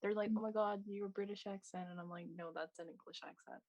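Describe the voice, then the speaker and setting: A woman's voice: medium pitch, steady tone, fairly quick, darkish tone. A Scottish woman chatting casually with blunt, dry humor. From Scotland. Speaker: cosplay livestream co-host. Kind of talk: casual chat.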